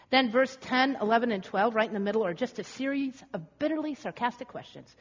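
Higher-voiced woman preaching in an echoey hall. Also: brisk, hardly any pauses. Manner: dramatic, rhetorical, building emphasis. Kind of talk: sermon. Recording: echoey hall, slightly dull.

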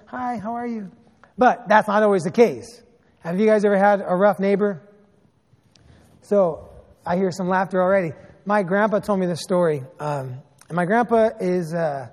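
A man in his thirties preaching a sermon as a pastor, telling stories in an animated way with sarcastic asides. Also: sits high, big-room sound.

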